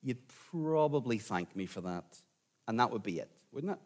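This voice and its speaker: A man preaching a sermon in a conversational way, sometimes dropping to a quiet, intense tone. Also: mid-range voice, lively intonation, moderate pace. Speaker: pastor.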